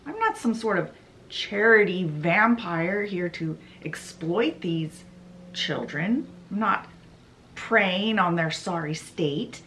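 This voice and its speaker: A woman's voice: lowish voice, lively intonation, slow pace, fairly bright tone, a little hiss or hum, poor audio. A woman voicing a polite, proper young woman photographer. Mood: indignant.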